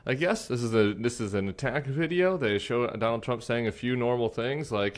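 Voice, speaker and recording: A middle-aged man in casual, jokey political chat, talking in halting, rambling stretches and a bit mumbly from a sore lip. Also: medium pitch. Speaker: podcast co-host.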